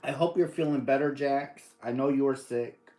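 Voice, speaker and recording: An American-accented man hosts a casual livestream, greeting people by name and reading their comments aloud in an easygoing way. His mid-range voice has a dark tone and normal speed. The room is echoey.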